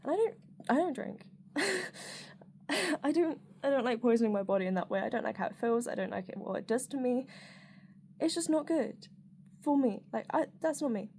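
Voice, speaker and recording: A woman's voice: on the high side, animated, a little fast, mellow. A woman speaking straight to camera in a rambling, candid personal monologue, with lots of fillers and casual swearing.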